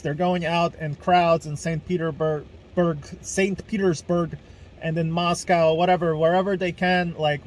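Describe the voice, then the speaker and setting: A man's voice: high voice, a little hiss or hum. A young man from Ukraine hosting a casual video podcast, ranting angrily with lots of swearing and fillers. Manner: angry, profane ranting with fillers. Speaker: podcast host.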